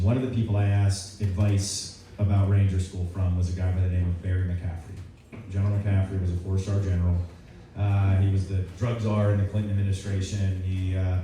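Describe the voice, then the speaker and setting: A man's voice: deep voice, warm tone, a little hiss or hum. A man running for office, answering audience questions in a grange hall with an earnest storytelling manner, recorded from a far camera. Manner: earnest, storytelling, with frequent fillers and restarts. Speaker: political candidate. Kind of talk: campaign speech and audience Q&A.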